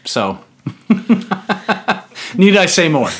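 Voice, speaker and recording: A man's voice: on the high side, very animated, extremely slow. A man co-hosting a casual podcast chat, speaking with a lisp after a tooth procedure, often laughing at himself. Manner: giggly and self-deprecating. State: lisping from a fresh tooth procedure. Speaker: podcast co-host, church elder.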